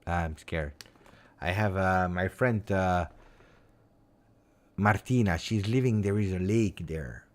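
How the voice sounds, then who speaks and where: A man's voice: low voice, slow, pauses often. A man with an Italian accent who hosts a football channel, chatting casually and rambling expressively on a live stream with lots of fillers.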